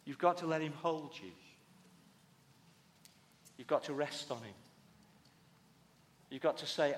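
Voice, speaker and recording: In a church hall with long reverb, a pastor with a slightly high male voice preaches a conversational sermon. He's unhurried and pauses often, restarting sentences and slipping in light humorous asides.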